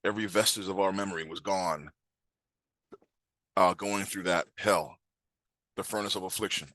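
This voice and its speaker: A man teaching a scripture class, emphatic, quizzing his listeners and reading words aloud slowly. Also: low-pitched, steady tone, pushed and bright, dry recording.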